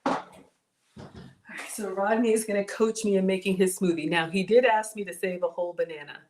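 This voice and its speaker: A woman's voice: medium pitch, fairly even intonation, a little fast, darkish tone. A woman in her forties with a mild Southern American accent, chatting casually with livestream viewers while she cooks and thanks them for their support. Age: 40s. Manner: chatty, thanks viewers, addresses chat as y'all. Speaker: home cook livestream host.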